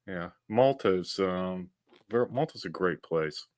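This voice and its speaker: Low-voiced older man, dry and teasing. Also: expressive, takes it slowly, no room sound. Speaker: radio co-host. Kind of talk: casual sports radio banter.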